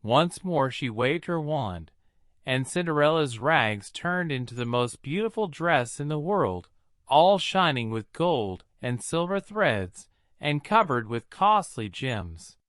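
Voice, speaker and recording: A man narrating a fairy tale in an expressive storybook style. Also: fairly high pitch, takes it slowly, no echo, clean studio sound. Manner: expressive, lilting delivery.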